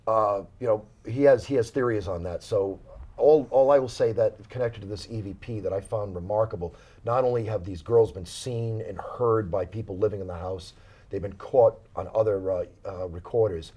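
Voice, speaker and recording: Guest investigator, male, low husky voice, animated storyteller, studio chat. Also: moderate pace. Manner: animated storyteller, many fillers and restarts. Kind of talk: casual interview storytelling. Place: small studio.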